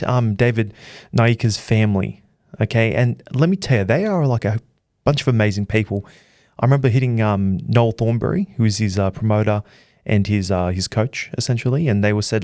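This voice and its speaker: Brief: male host, low voice, casual rambling recap, dry close mic. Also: a little mellow, no room sound. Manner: chatty storyteller, many fillers and restarts. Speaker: boxing channel host.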